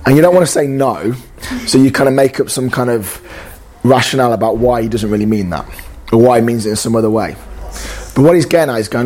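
A man's voice: medium pitch, quick pace, darkish tone, slight background noise. A man preaching an informal sermon, earnest and conversational, reading scripture and acting out inner dialogue.

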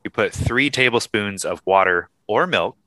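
A man's voice: lowish voice, animated, moderate pace, pushed and bright, no echo. A man hosting a casual podcast chat, rambling and swearing freely as he talks. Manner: chatty, profane, rambling asides. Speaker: podcast host.

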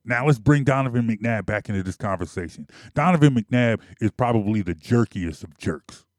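A man's voice: on the low side, animated, moderate pace, dry recording, studio quality. A man delivering an emphatic, argumentative sports opinion monologue. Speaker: sports commentator.

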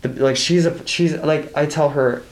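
A man's voice: a little high, fairly even intonation, normal speed. A young man in his twenties talking candidly as a podcast guest, rambling with many restarts and frequent swearing. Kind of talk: candid casual conversation.

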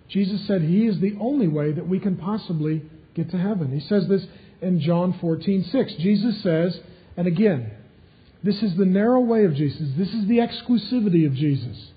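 Male pastor preaching, high voice, emphatic delivery that builds to loud peaks, slightly muffled audio. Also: expressive, normal speed. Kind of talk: sermon.

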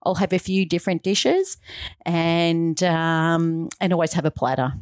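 A woman's voice: on the low side, unhurried, dry recording, clean studio sound. Earnest middle-aged woman telling a story. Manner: animated, acts out quoted dialogue; earnest and heartfelt. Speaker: guest. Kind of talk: storytelling interview talk.

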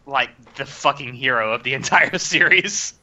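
A young man hosting a casual podcast chat, animated and laughing often. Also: medium pitch, normal speed, dull audio, a little hiss or hum. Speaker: podcast host.

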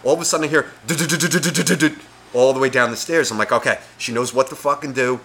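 Guy on a podcast telling a wild story, cussing nonstop, bright punchy voice. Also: medium pitch, rapid-fire, a little hiss or hum. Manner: profane, animated storyteller acting out voices. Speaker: podcast co-host. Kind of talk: casual storytelling chat.

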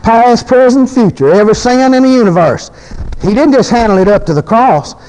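A man's voice: extremely high pitch, lively intonation, fairly quick, a little mellow, low-quality recording. A preacher man, delivering a fervent, folksy sermon full of repeated phrases.

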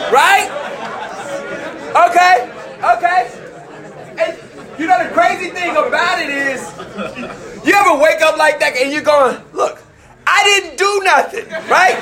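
A man from Memphis, giving a candid, joking youth talk to a live group in a room. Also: very high voice. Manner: candid, joking, lively slang. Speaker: youth speaker.

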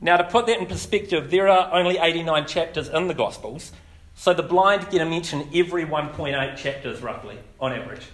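A New man preaches in an easygoing, conversational way, full of ums and likes. His voice sits a little higher than most men's. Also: a little fast. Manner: relaxed, chatty, with frequent fillers. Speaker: pastor. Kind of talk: casual sermon.

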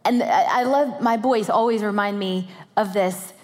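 A woman telling a family story as part of a sermon, lively and animated, acting out her children. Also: mid-range voice, unhurried, big-room sound. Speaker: pastor's wife and co-speaker.

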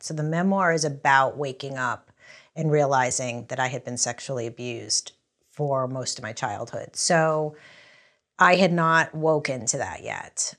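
In a low voice, a middle-aged East Coast woman who wrote a memoir tells candid, rambling stories in an interview. She's animated and keeps restarting.

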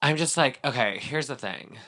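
A man co-hosting a casual podcast chat about reality TV, talking in a loose, animated way with lots of fillers and acted-out quotes. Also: medium pitch, normal speed. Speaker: podcast co-host.

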